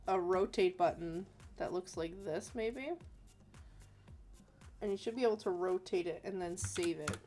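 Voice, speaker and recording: A woman's voice: mid-range voice, a little mellow. A woman in her thirties, an artist chatting casually with viewers while drawing, rambling and self-deprecating. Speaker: artist hosting a chat stream.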